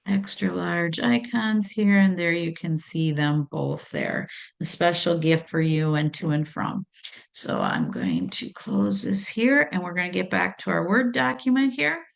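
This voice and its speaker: A woman's voice: mid-range voice, vocal fry. A woman hosting a crafting tutorial who explains each step and setting methodically as she works.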